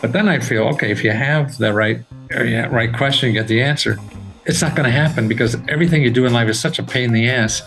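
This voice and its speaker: Gravelly, animated older man. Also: fast, soft background music, rough recording. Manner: animated, laughing, jumps high in pitch when excited. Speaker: guest. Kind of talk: casual interview talk.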